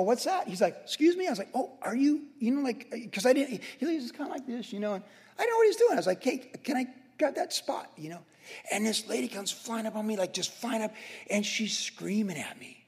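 A man in his sixties preaching a sermon, telling everyday stories in a loose conversational way with quick asides. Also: high voice, animated, darkish tone. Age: 60s. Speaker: pastor. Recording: long hall reverb.

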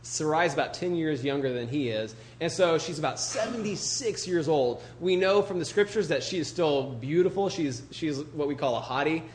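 Chatty preacher man, slightly high voice. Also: moderate pace, hardly any pauses, slight background noise. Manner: chatty, joking, full of "you know" and "like". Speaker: pastor. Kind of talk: conversational sermon with scripture reading.

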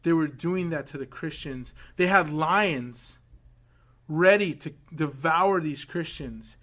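A man preaching a sermon, telling a story dramatically, dropping to hushed quoted words and rising to loud build-ups. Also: on the high side, slow.

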